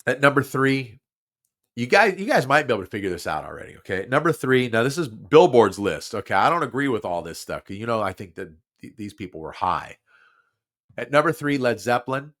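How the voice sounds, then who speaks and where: A man's voice: mid-range voice, brisk. A man hosting a talk show, talking casually with lots of restarts and repeats while his nose is stuffed up. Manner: animated, repeats himself, many restarts. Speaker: podcast host. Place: studio.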